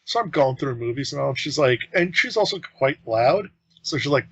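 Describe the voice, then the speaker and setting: A man's voice: mid-range voice, expressive, a little fast, fairly bright tone, no room sound, lo-fi sound. A young adult man co-hosting a podcast, telling rambling stories in casual chat and acting out the people in them. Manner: rambling anecdotes with acted-out quotes. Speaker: podcast co-host.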